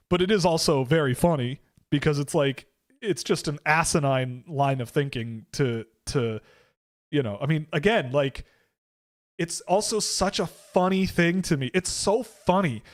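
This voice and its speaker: A man's voice: on the high side, expressive, measured pace. A Canadian man hosting a hockey livestream, talking casually and with strong opinions, rambling and restarting, sometimes mocking others in exaggerated put-on voices. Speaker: host of a hockey prospect livestream.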